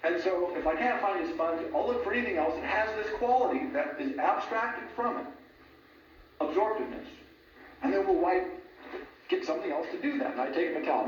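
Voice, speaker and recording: A man giving an informal lecture, animated, laughing at his own jokes and often asking "right?". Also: high-pitched, brisk, a little hiss or hum. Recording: echoey room from a distant mic, dull sound.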